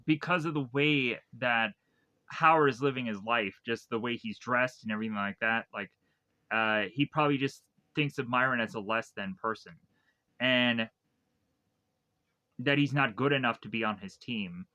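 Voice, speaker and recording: Bright-voiced man rambling through a plot recap. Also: mid-range voice, normal speed, highs cut off. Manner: rambling, many fillers and restarts. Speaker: film reviewer.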